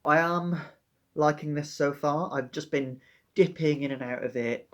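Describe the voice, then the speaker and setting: A man's voice: fairly high pitch, unhurried. A Welsh man, a teacher, chatting casually and wryly to camera with a slightly dramatic touch. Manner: chatty, wry, a bit dramatic. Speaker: teacher and book vlogger. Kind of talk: casual chat.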